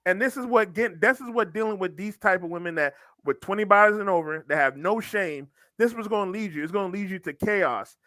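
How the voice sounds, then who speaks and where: Bright high guy cohost, lectures w lots of restarts, dry sound. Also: a little fast, few pauses, no echo. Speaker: podcast co-host. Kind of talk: casual commentary chat.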